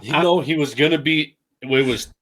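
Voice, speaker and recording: A man's voice: on the high side, normal speed, a bit bright. A young man co-hosting a casual sports podcast, talking about his football team with sarcastic asides and frequent laughs. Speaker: podcast co-host, Patriots fan.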